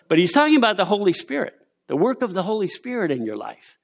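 Older man, preacher, sermon, lively swooping delivery, slightly high voice. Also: fast talker, vocal fry. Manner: animated storytelling preacher, acts out quotes.

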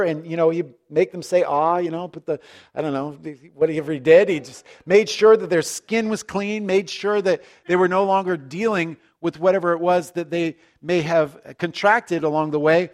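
A male pastor gives a casual, chatty sermon with a fairly high voice. He drifts into asides and jokes with the congregation, restarting sentences as he goes. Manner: conversational, self-deprecating, frequent restarts and asides.

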